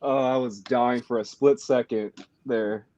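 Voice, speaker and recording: A man's voice: mid-range voice, steady tone, a little slow, mellow, no room sound. A man co-hosting a podcast, chatting in a laid-back way, laughing often and swearing casually. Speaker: podcast co-host. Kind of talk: casual chat. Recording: dull lo-fi sound.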